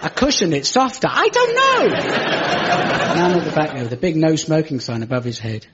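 A young British man doing stand-up storytelling on stage, dry and ironic, rising into high exasperated rants. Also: fast, over a noisy crowd, very noisy. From Britain. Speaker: comedian. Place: stage before a live audience. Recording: muffled live stage recording with audience.

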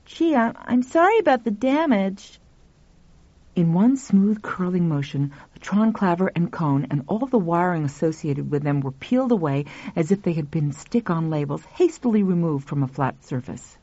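Woman, audiobook narration, lively pitch, dry dull sound. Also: moderate pace, hardly any pauses, dry recording.

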